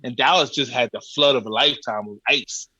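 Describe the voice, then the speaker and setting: A man's voice: medium pitch, brisk, husky, dry recording, lo-fi sound. A man guesting on a podcast, telling a comic travel story in a loose, colloquial way and acting out the people he dealt with. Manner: animated storyteller, acts out exasperated exchanges; colloquial, swears casually. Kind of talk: comic travel anecdote in casual chat.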